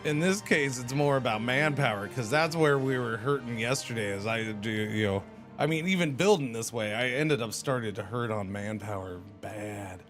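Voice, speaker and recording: A man gives casual commentary while he plays a game live, rambling to his viewers and tossing in playful exclamations. His pitch sits in a middle range, and faint music plays underneath. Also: normal speed, fairly bright tone. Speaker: livestreamer.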